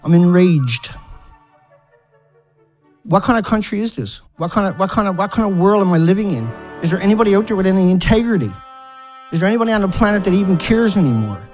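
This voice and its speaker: A man's voice: high-pitched, animated, racing, a little mellow, faint music behind. Furious man ranting with harsh insults. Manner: furious, repetitive strings of insults and rhetorical questions; swears. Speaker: environmental activist vlogger. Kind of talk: angry ranting monologue.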